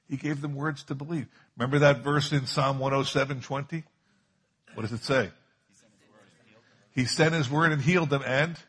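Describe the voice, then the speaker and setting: A man's voice: medium pitch, fairly bright tone, husky. A man preaching a sermon as a pastor, emphatic and repeating key phrases for stress.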